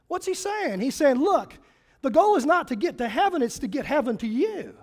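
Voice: high voice, moderate pace. A pastor preaching a sermon, reading scripture aloud and throwing questions at the congregation. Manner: animated, asks the congregation questions; reads and paraphrases scripture aloud.

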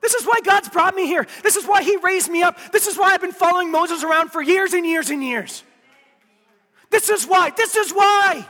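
A man preaching who acts out a bold young male warrior, declaring with fervent shouts. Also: extremely high pitch, normal speed, big-room sound, pitched above the performer's own voice. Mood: fired up.

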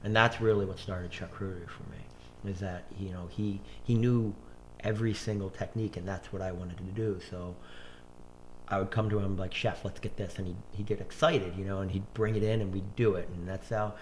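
A man's voice: sits low, steady tone, a little fast, a little hiss or hum. A man in his forties, a chef, telling long rambling stories in casual conversation, full of restarts and quoted dialogue.

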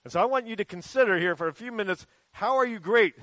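A man with a fairly high voice gives a children's sermon, chatty and animated as he tells the story. The sound is close and dry, with almost no room echo. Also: fast talker. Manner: conversational, animated storytelling with acted quotes. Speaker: pastor. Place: church sanctuary.

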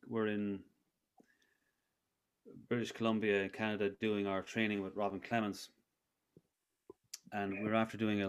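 A man's voice: fairly low pitch, clear, resonant tone. A man in his thirties, a breathwork facilitator, telling a personal story in a casual interview with many restarts. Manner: rambling with frequent restarts.

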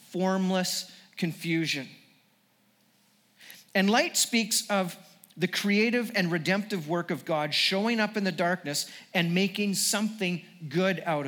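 A man's voice: sits high, a bit bright, in a large hall. A male pastor preaching a sermon to a congregation, earnest, with frequent restarts as he builds toward each point.

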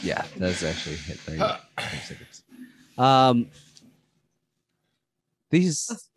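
A man's voice: low-pitched, sing-song, takes it slowly. A man chatting casually about a movie, hesitant with fillers while reading out trivia. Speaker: podcast co-host.

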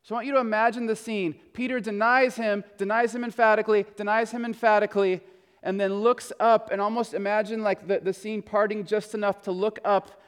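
Male pastor, high and smooth voice, conversational sermon, long hall reverb. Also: little pitch movement, a little fast. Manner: conversational storytelling, swinging between hushed and emphatic.

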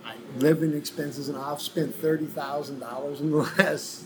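A man's voice: a little high, fairly even intonation, moderate pace, a crowd in the background, low-quality recording. A man from New Orleans telling a long, rambling story in a casual interview. He swears freely and acts out the voices of people he quotes. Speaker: guest musician telling his story.

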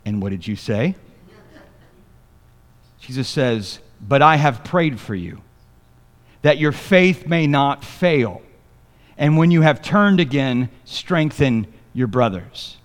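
A man's voice: medium pitch, unhurried, big-room sound. A man preaching a sermon as pastor, reading scripture and joking with the congregation in a loose, conversational way. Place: church sanctuary.

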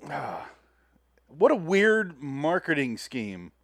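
A man from the United States co-hosting a podcast, chatting casually and retelling a TV episode in quick paraphrase, swearing now and then. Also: fairly high pitch, big pitch swings, creaky, a bit bright, no room sound, clean studio sound. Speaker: podcast co-host. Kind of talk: casual chat recapping a TV episode.

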